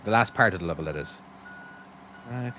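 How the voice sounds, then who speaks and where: Man, Cork Irish accent, live-stream chat, lively up-and-down pitch, talks to himself while playing, faint noise behind. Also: fairly quick. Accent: Cork Irish, softened by years in America. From Ireland. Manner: chatty, thanks viewers, talks to himself while driving.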